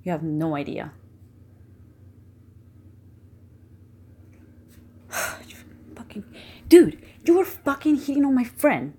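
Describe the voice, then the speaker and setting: Audio role-play: young woman as a jealous, cursing girlfriend, from muttering to shouting, lively higher voice. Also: normal speed, breathy edge. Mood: furious. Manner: swears constantly, swings between low mutters and shouting. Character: jealous, foul-mouthed young girlfriend, possessive and hot-tempered.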